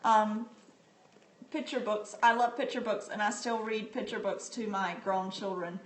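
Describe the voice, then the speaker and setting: A middle-aged woman with a mid-range voice and steady tone speaks a little slowly while hosting a casual live stream about books. She's chatty and heartfelt, with frequent ums. The phone mic and echoey room bring a little hiss or hum.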